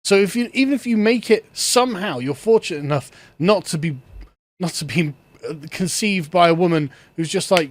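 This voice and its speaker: A man's voice: high-pitched, expressive, normal speed. A man giving sarcastic solo political commentary, ranting and laughing often as he talks.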